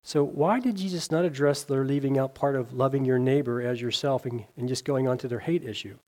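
Briskly and earnestly, a man preaches, reading scripture aloud with small slips and restarts and asking his listeners questions. His voice rises on key phrases and scripture and falls soft and low at the ends of lines.

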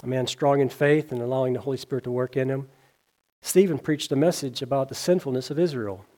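Earnest male preacher with a mellow voice. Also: fast talker. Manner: earnest, rising on scripture and dropping low at line ends; reads scripture aloud, with small slips and restarts. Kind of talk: sermon.

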